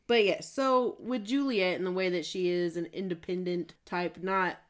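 A woman's voice: lowish voice, fairly even intonation, moderate pace. A woman co-hosting a film podcast in casual chat, giggly and vividly retelling scenes. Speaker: podcast co-host.

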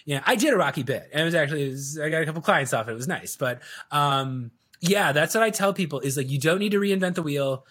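A high-pitched man gives lively, casual interview talk. He rambles animatedly and leans on plenty of fillers. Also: fast, hardly any pauses. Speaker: guest, video coach.

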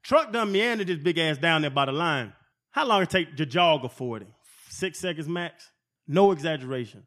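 Animated, high-voiced man telling stories. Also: normal speed. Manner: animated, profane, laughing through stories. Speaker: podcast guest, former football player. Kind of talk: casual storytelling.

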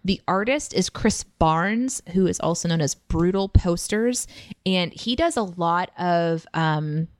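A woman's voice: lowish voice, animated, takes it slowly, no echo. A woman co-hosting a podcast, talking in a chatty, joking way. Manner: chatty, joking, laughs easily. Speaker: podcast co-host. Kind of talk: casual chat.

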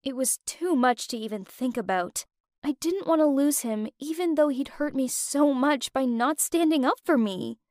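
A young woman telling a first-person story with expressive, emotional delivery. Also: high-pitched, moderate pace, dry recording, clean studio sound. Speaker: narrator.

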